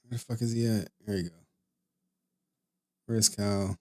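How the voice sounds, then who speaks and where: A man's voice: on the low side, steady tone, moderate pace. A young man hosting a casual late-night stream, tired from no sleep, rambling, swearing and laughing often. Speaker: streamer host.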